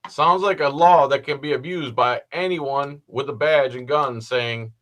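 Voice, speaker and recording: A man with a bright, forward voice talks through a video in a loose, meandering way. He drops dry, sarcastic remarks as he goes, casual and unscripted. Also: medium pitch, measured pace. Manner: rambling, sarcastic asides. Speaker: host.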